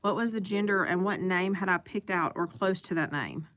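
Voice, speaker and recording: A woman's voice: lowish voice, normal speed, a bit bright. A woman hosting a live stream, chatting casually and eating as she talks.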